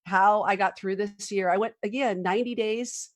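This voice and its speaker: A woman's voice: medium pitch, fairly even intonation, moderate pace. Woman, podcast host, enthusiastic, affirming, conversational. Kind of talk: interview conversation.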